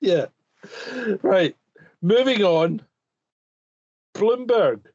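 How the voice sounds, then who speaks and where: A man's voice: high voice, animated, drawn-out words, a little mellow, dry recording, highs cut off. A man co-hosting a casual podcast chat, blunt and teasing, swearing often. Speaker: podcast co-host.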